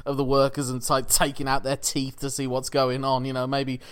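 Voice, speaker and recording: A man's voice: mid-range voice, completely flat delivery, normal speed, fairly bright tone, smooth. A man co-hosting a casual film podcast, rambling and analytical with frequent restarts. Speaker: podcast co-host.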